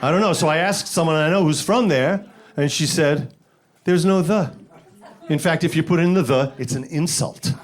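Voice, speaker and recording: A man from the Bronx doing a stand-up set, deadpan setups that jump to loud high voices for punchlines. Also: moderate pace. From the Bronx, New York. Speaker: stand-up comedian. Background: audience laughter.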